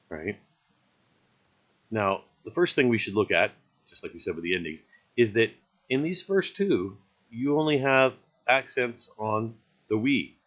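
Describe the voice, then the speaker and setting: Low-voiced guy teaching a lesson, easygoing, keeps saying right, kinda muffled lo-fi audio. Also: a bit bright. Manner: easygoing, explanatory, often tags "right?". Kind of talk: recorded grammar lesson.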